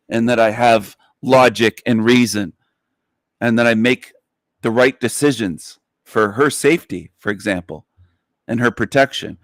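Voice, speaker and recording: A man's voice: medium pitch, no room sound, clean studio sound. A man hosting an online radio show, ranting in an emphatic, profane, repetitive monologue. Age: adult, past twenties.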